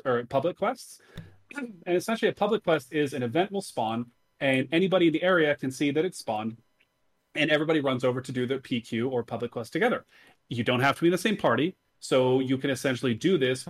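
Brief: man, mid-pitched voice, methodical podcast co-host, enthusiastic explainer. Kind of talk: casual podcast chat about games.

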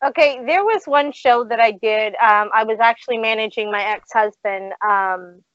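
A woman's voice: a little high, moderate pace, fairly bright tone, no room sound. Brash, foul-mouthed woman telling wrestling stories. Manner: brash, swears freely, acts out quoted lines. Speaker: guest, former wrestling manager. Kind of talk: casual storytelling on a podcast. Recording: dry, slightly dull video call audio.

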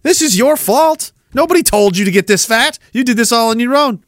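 A man's voice: very high-pitched, lively intonation, a little fast, no echo, studio quality. A man hosting a livestream podcast, ranting sarcastically, laughing at his own riffs and reading chat comments aloud. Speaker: podcast host.

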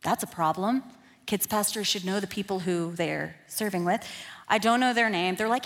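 A woman's voice: mid-range voice, moderate pace. Lady kids pastor, 30s, preaching with funny self-deprecating stories, echoey church hall. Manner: animated, self-deprecating, builds to emphatic peaks. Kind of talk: sermon with personal storytelling. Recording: long hall reverb.

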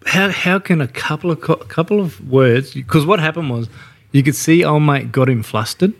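A man's voice: on the high side, normal speed. An Australian man co-hosting a casual pub-banter podcast, blunt and sweary, laughing through his stories. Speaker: podcast co-host.

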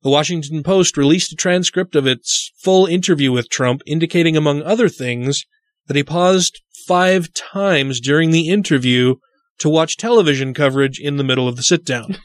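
Guy hosting a podcast, kinda high voice, dry close sound, swears a lot reading the news. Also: normal speed, no room sound. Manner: profane, indignant commentary. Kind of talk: casual chat.

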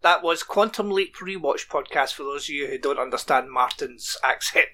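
Bright-voiced bantering podcast man. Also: a little high, moderate pace. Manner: bantering, dry, laughs often. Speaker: podcast co-host. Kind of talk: casual podcast chat.

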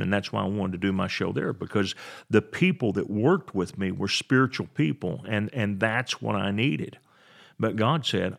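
A man preaching a Bible sermon on his podcast, with a lowish, gravelly voice. He speaks emphatically and drags out key words to stress them.

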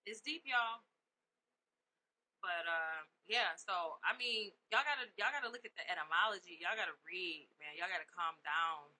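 Middle-aged lady on her podcast, super bright cutting voice, cussing and ranting, loud then low. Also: moderate pace, rough recording. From South Side of Chicago. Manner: animated, profane, swinging between loud outbursts and low asides. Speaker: podcast host. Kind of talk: comedic rant.

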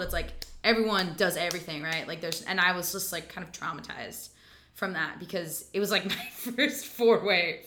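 Bright-voiced chatty woman. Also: lowish voice. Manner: chatty, frequent fillers, animated storytelling. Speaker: podcast guest, theater actor. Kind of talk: casual podcast conversation.

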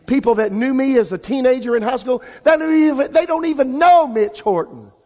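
A male pastor preaching an impassioned sermon, his voice rising and falling in loudness. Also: very high-pitched, brisk. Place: church sanctuary. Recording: long reverb of a large church hall.

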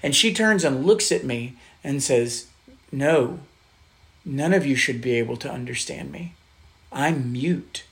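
A man's voice: medium pitch, measured pace, creaky. A middle-aged man, a pastor, casually telling a story in conversation, animatedly acting out quoted voices. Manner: animated storyteller, acts out quotes, laughs often.

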